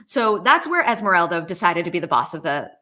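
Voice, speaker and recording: A woman's voice: on the low side, sing-song, a little fast, bright, forceful tone. A woman, an experience designer, talking animatedly on a video call, with frequent laughs and many fillers. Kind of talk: casual video call conversation.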